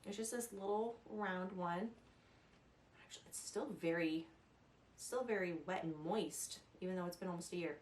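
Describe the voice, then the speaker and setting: A woman's voice: fairly low pitch, moderate pace, darkish tone, slight background noise. A young woman vlogging casual advice, chatty and rambling, laughing at herself. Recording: echoey room, a little distant.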